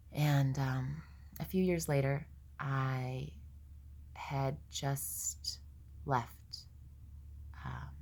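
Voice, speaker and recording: Low, gravelly woman telling a personal story. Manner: candid, halting, with many restarts and quoted dialogue. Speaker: vlogger.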